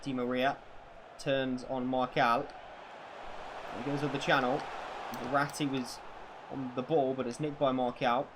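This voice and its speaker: A man streaming a football video game narrates like a commentator and chats with viewers, excitable, swearing, and shouting in bursts. He speaks at a medium pitch, unhurried and pausing often, over background noise.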